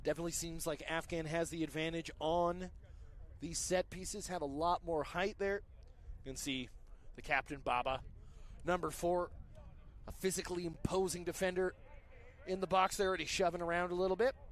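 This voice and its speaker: A man calls a local soccer match in a high, light voice. He keeps up a friendly patter with joking asides and lifts his energy whenever play nears the goal. Traffic can be heard from the roads around the field. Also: moderate pace. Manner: chatty, joking asides, rising excitement on attacks. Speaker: play-by-play commentator. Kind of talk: live soccer commentary.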